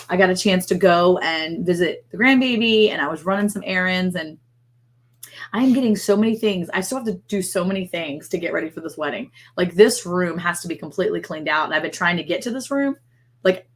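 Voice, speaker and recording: Middle-aged woman, livestream host. Slightly low voice, chatty and gushing, animated storyteller. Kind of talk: casual livestream chat.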